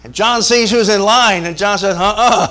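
A man's voice: high voice, moderate pace, sharp tone. A man preaching a sermon. He speaks emphatically, repeats his lines, calls out for amens and makes jokes. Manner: emphatic call-and-response preaching, repetitive, joking. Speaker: pastor.

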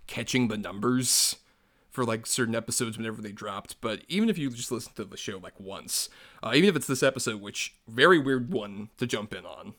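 A man's voice: on the low side, lively intonation, a little fast, a bit bright. A man co-hosting a podcast, reading listener messages aloud and chatting in an earnest, grateful way with easy laughter. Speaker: podcast co-host.

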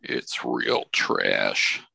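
A man's voice: on the low side, huge pitch swings, extremely slow, creaky, sharp tone, breathy edge, no room sound. A man co-hosting a podcast, telling a crude, profane comic story in casual chat. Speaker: podcast co-host.

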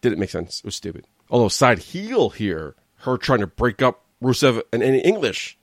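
A man's voice: medium pitch, big pitch swings, moderate pace, hardly any pauses, dry recording, studio quality. A man hosting a wrestling recap show, giving a blunt, sarcastic and exasperated opinion rant in a casual way. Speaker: wrestling commentary host.

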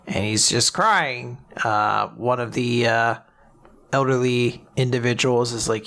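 A man's voice: mid-range voice, slow pace, sharp tone. A man hosting a casual podcast chat, summarizing comic chapters in a chatty, filler-heavy way. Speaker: podcast host.

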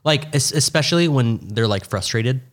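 A man's voice: medium pitch, lively intonation, moderate pace. A young man, co-hosting a podcast in casual chat, laughing often and rambling with restarts. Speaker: podcast co-host.

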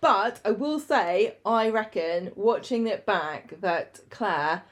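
A woman chats casually with a co-host, mid-pitched and enthusiastic. She recounts a story at an easy conversational clip. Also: slow pace. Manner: chatty, enthusiastic, animated retelling. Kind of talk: casual chat.

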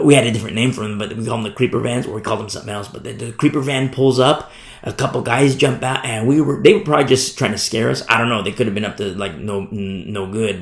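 Male pastor giving a Bible study sermon, gravelly voice, very lively pitch, echoey room. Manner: animated, repeats phrases for emphasis.

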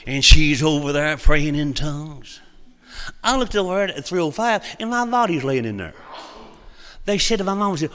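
A man's voice: on the high side, very animated, fairly quick, a bit bright, in a large hall. A man from Oklahoma, preaching and telling a testimony in a folksy, humorous, dramatic way. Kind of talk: sermon testimony storytelling.

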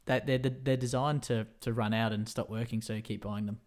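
Male podcast co-host, middle pitch, agreeable and chatty, casual tone. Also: fairly even intonation, a little mellow. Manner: chatty, agreeable, quick to laugh and back-channel. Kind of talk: casual chat.

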